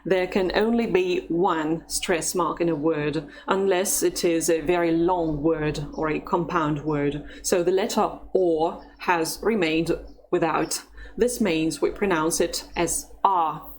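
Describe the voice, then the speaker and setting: A woman teaching a language lesson, speaking slowly and carefully in an encouraging instructional tone. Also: lowish voice, fairly even intonation, slight background noise.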